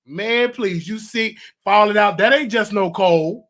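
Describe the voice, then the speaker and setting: A man hosting a casual monologue, animated, stammering and repeating himself. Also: high voice, unhurried, hardly any pauses. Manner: animated, repetitive, stammering restarts. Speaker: show host.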